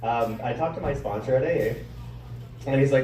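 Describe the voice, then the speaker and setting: A man's voice: mid-range voice, fairly quick, darkish tone, slight background noise. A man performing a stand-up comedy set, telling stories animatedly and acting out what his friends said. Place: comedy club stage. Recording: echoey room mic'd from a distance.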